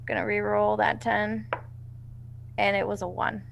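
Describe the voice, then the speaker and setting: A woman's voice: medium pitch, little pitch movement, a little slow, creaky, slight background noise. A woman player in a tabletop game, eager and blunt, swearing now and then. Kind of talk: casual tabletop play.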